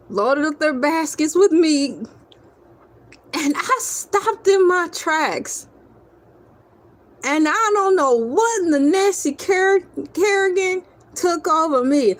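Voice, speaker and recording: A woman vlogger telling a comic story in a casual, theatrical way, talking straight to her viewers. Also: high-pitched. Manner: theatrical, playful, addresses viewers as y'all.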